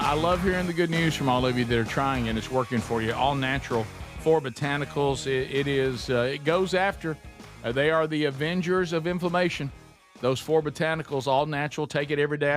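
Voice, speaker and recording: A man's voice: fairly high pitch, a little fast, soft background music. A man hosting a talk show, reading a sponsor spot and telling stories in a rambling way, often restarting and repeating words. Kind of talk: casual chat and live ad read.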